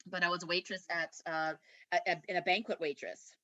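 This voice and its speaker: A woman from Canada, speaking with a bright, forceful tone, recounts her own experiences in a loose, conversational way. She rambles, restarts her sentences and laughs easily, and the recording is close and dry, with no room sound. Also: on the low side, fairly even intonation, fairly quick, no room sound, lo-fi sound. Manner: rambling and candid, laughs often, many restarts. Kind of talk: casual personal storytelling.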